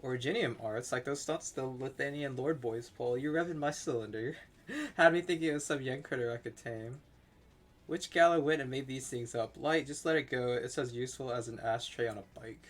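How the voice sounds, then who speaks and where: Man doing a loud slangy bush hunter, put-on Australian accent, game dialogue read aloud. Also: mid-range voice, moderate pace, lightly acted. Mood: brash.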